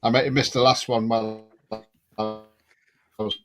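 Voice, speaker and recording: A man's voice: on the low side, level tone, unhurried, music in the background. Laid-back man on a live stream call. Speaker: regular guest. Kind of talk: casual live-stream chat. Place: home setup, remote call.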